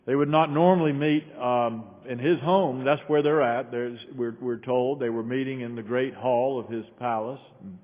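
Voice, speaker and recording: A male pastor preaching a sermon, telling a story and shifting between raised bursts and quiet low passages. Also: steady tone, moderate pace, few pauses. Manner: storytelling with sudden raised quoted shouts and quiet drops. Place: large church sanctuary. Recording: echoey hall on a tinny phone-like line.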